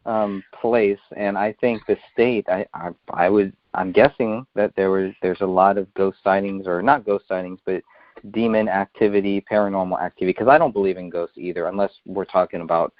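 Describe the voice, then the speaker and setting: A male host thinks aloud in a casual conversation, halting and repeating words as he goes. His voice is low. The audio is dry and dull, like a lo-fi recording. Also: steady tone, no room sound.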